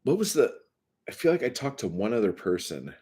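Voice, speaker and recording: A man's voice: on the low side, sing-song, a little fast, warm tone, slightly rough. Foul-mouthed, rambling man vlogging. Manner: profane, exasperated, rambling with many fillers. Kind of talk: casual rambling storytelling vlog.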